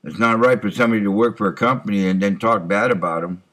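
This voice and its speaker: Middle-aged man, lowish voice, rambling self-recorded monologue, lots of fillers, clears his throat often, computer mic. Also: fast, a bit bright. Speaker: truck driver. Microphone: computer microphone.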